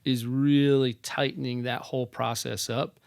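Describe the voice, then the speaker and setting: A man who founded a real estate company, guesting on an interview podcast, telling stories in a lively way and acting out the quoted voices of other people. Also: mid-range voice, normal speed, creaky, smooth, no room sound, clean studio sound. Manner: animated storyteller who acts out quoted voices. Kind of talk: casual interview chat. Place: podcast studio.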